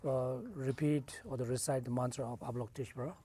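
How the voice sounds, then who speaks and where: Man, interpreter, mellow tone, halting delivery, many fillers and restarts, mid pitch. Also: fairly even intonation. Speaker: interpreter for a lama. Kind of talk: interpreting a religious teaching. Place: meditation center hall.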